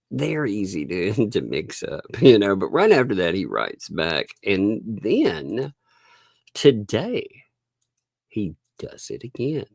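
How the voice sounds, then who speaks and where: Gravelly guy hosting a live stream, talks slow, pitch all over the place, laughs a lot, dry close mic. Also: dry recording. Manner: laughs often, animated, mocking impressions. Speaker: livestream host. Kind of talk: casual livestream chat. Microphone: desk microphone.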